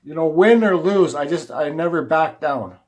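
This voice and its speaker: A man's voice: a little high, normal speed. A middle-aged man, casually talking to camera about his carving and telling a personal story in a rambling, repetitive way. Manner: rambling, conversational, repeats words while telling a story. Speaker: woodcarving vlogger.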